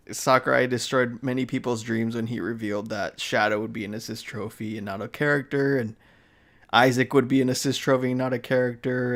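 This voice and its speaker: A tired young man chatting casually on a live stream, rambling with many fillers, restarts and laughs. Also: medium pitch. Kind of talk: casual chat.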